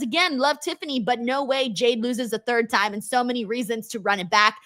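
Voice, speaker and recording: A woman's voice: fairly high pitch, a little fast, pushed and bright. A woman hosting a casual live stream, chatting and reading viewer comments aloud with lots of ums. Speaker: host reading live chat.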